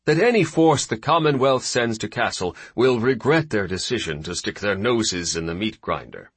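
A man voicing a seasoned male fleet admiral who speaks in a measured, wry way. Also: on the low side, expressive, slightly rough, no room sound.

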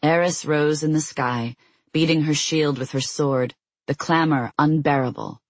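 An audiobook narrator reading a fantasy novel in a steady, measured storytelling voice on a close mic. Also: mid-range voice, no room sound, rough recording.

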